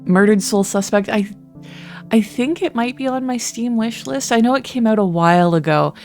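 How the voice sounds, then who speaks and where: A Canadian-accented streamer chatting casually while playing, with a self-mocking tone and an occasional swear. There is a gravelly edge to the voice, and soft music plays underneath. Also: mid-range voice, normal speed. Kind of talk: let's-play commentary and reading.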